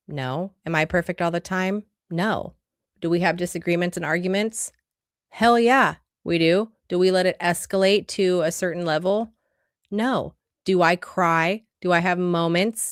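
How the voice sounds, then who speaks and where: A woman's voice: fairly low pitch, dry recording, clean studio sound. A woman relationship coach giving an earnest, conversational livestream talk full of rhetorical questions.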